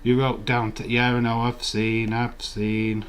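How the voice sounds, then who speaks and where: A man hosts a live stream and chats with his viewers in a loose, rambling way. He talks slowly, with a middling pitch, and swears freely. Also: completely flat delivery. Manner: rambling, profane banter with the chat. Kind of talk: casual live watch-along chat.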